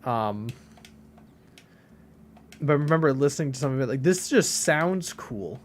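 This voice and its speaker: While playing a game, a streamer with a mid-range, animated voice reads chat and talks casually with viewers at a slightly slow pace. He rambles, and his speech is full of filler words.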